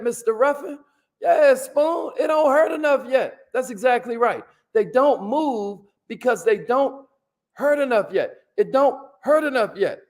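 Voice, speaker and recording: With an extremely high pitch and a measured pace, a man hosts an energetic, casual live motivational stream. He says hello to viewers by name and repeats his key phrases.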